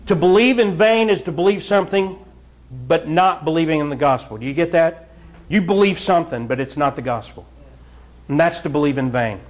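A man's voice: a little high, lively intonation, fairly quick. A man preaching a fiery, blunt sermon in church, scolding the congregation. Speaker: pastor.

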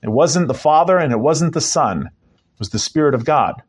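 A man's voice: on the high side, animated, moderate pace, slightly rough. A man preaching a conversational Bible-teaching sermon, emphatic and dropping in joking asides.

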